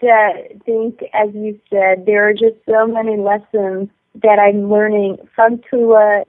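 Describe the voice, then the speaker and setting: A woman guest calling in to a talk show, speaking in a tender, heartfelt, gently halting way. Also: mid-range voice, no room sound. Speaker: guest caller. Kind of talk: heartfelt radio call-in talk. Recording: tinny phone line.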